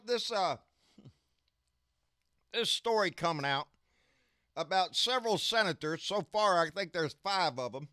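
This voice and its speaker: A man chats and rants on his home live stream in a folksy, profane way. His voice sits high and sounds bright and forward. The recording is dry and close to the mic. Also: no room sound. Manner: folksy, profane, says "baby" a lot. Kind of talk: casual live-stream chat and rant.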